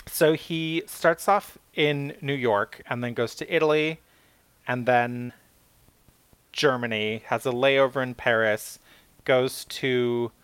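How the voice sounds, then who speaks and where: A woman's voice: a bass voice, clear, resonant tone, no room sound. A woman casually recounting a novel's plot, acting out bits of its dialogue. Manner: animated storytelling with acted-out quotes. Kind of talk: casual book chat.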